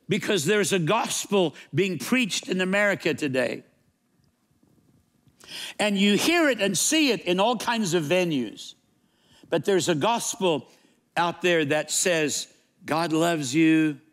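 A man pastor preaching a sermon in a church sanctuary, earnest, with slow and emphatic repeated phrases. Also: sits high, fairly bright tone.

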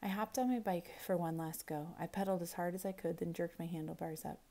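A woman teacher reading a novel aloud, expressive, quiet and intense. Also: fairly low pitch, fast talker.

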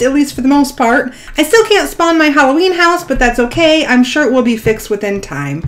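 A middle-aged woman hosting a gaming vlog, narrating as she plays, often gasping and squealing with delight. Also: high-pitched. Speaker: gaming channel host. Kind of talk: excited gameplay vlog narration.

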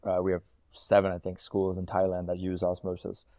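A man in his thirties, a company founder talking as an interview guest, quick and fluent with frequent ums and uhs. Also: low voice, completely flat delivery, mellow, dry recording, studio quality. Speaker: startup founder and CEO, guest. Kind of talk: casual interview talk.

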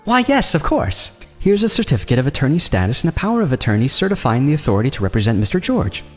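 A man voicing a young woman lawyer with a brisk, formal, businesslike manner. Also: mid-range voice, very animated, big-room sound, soft background music, pitched above the performer's own voice, natural voice.

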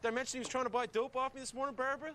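A fast-talking foul-mouthed hothead. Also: male voice, very high-pitched, little pitch movement, crowd noise. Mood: angry. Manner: profane, rapid insults. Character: hot-headed foul-mouthed trailer park man. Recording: noisy TV episode audio.

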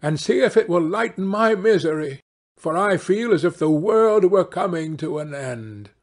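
A man's voice: sits high, huge pitch swings, measured pace, husky, pitched above the performer's own voice, full character voice. A man voicing a guilt-ridden, fearful stepmother in a fairy tale, talking in a fretful, pleading way. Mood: despairing.

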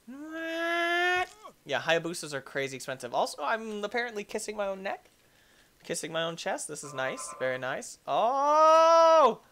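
A man hosting a let's-play, giving jokey, excitable commentary and yelling at the game. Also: on the high side. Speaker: gaming channel host.

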